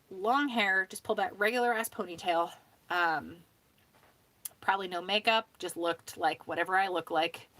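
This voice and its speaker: A woman's voice: lowish voice, a bit bright, no room sound. A woman hosting a casual home stream, chatting in a rambling way, swearing freely and laughing often. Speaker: host of a sewing hangout stream. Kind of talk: casual chat.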